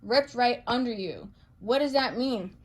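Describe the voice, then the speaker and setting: A woman reading tarot cards for viewers in a chatty, playful way, excitable and full of pet names. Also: on the high side, a little slow. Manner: playful, chatty, calls listeners baby girl and boo; excitable, gasps and exclaims over cards. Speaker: psychic medium tarot reader.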